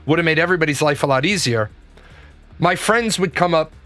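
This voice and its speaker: A man's voice: on the high side, brisk, a bit bright, soft background music. A man giving a blunt, profane, rambling comedic monologue from his office. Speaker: comedic commentator.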